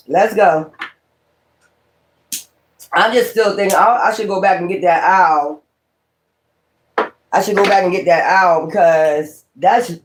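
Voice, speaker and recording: A tarot reader rants on a livestream, profane and confrontational, repeating his points. His voice is high, with a little hiss or hum in the audio.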